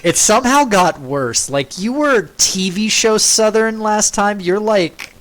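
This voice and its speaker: A man's voice: sits high, expressive, unhurried, background noise. A man hosting a live tabletop game stream as game master, upbeat and teasing.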